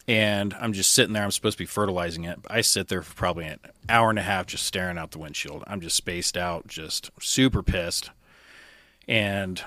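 Low-voiced man telling his story candidly. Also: fairly bright tone, dry recording. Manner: candid, conversational, quoting others as he tells it. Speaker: podcast guest, firefighter. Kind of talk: casual storytelling.

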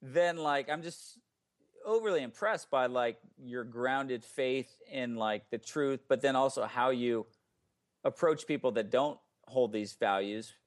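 A man's voice: medium pitch, a little slow. Chatty man rambling on a podcast. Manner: rambling, lots of "like" and restarts. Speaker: podcast guest, ministry founder. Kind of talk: casual podcast conversation.

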